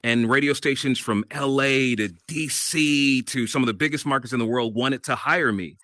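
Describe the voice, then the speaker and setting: A middle-aged man, a radio host and voiceover artist, telling his career story in a casual interview, animated and laughing often. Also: medium pitch, normal speed, dry recording.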